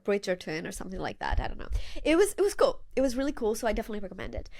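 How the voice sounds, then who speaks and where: A young woman from Spain chats animatedly as a podcast host, spilling stories with lots of fillers. Her voice sits at a middling pitch, recorded close and dry with no room sound. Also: no room sound. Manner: chatty, animated storyteller with many fillers. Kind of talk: casual chat.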